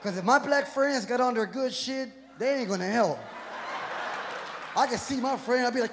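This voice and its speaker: Speaking at normal speed in a very high voice, a Houston, Texas, comic delivers rowdy, profane stand-up with a punchy edge. The live stage recording carries long reverb and crowd noise, with audience laughter and hall ambience in the background.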